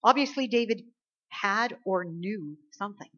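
Woman preacher, mid-pitched, emphatic, exhorting, slightly dull lo-fi sound. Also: lively intonation, unhurried, a bit bright. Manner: emphatic, exhorting, rising and dropping in volume. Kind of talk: sermon.

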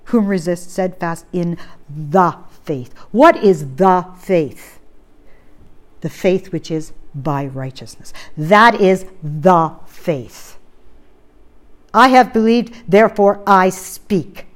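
A woman preaching a sermon, repeating key phrases, asking rhetorical questions and slowing down to read scripture aloud. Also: on the low side, lively intonation.

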